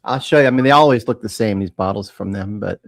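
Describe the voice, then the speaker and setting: A man's voice: fairly low pitch, quick pace, creaky, slight background noise. A man chatting easily as a guest on a live stream. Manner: relaxed, talks about food and beer. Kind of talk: casual chat.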